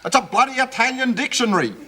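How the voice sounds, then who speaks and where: An actor playing an exasperated, sarcastic young son-in-law in a sitcom. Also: male voice, very high-pitched, animated, fast, sharp tone, full character voice. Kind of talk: sitcom acting. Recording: noisy TV soundtrack.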